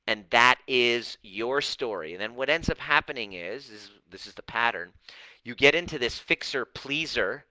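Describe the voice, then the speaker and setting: A man coaching live viewers, telling stories with lively acted-out dialogue and casual swearing. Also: medium pitch, no echo, low-quality recording. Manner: animated storytelling, acts out dialogue, swears casually. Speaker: relationship coach. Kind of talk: live-stream coaching talk.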